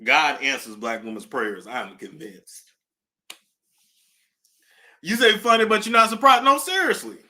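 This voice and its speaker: A woman hosting a casual celebrity gossip talk, animated, with nervous laughter and dramatic gasps. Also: low-pitched, measured pace, long pauses.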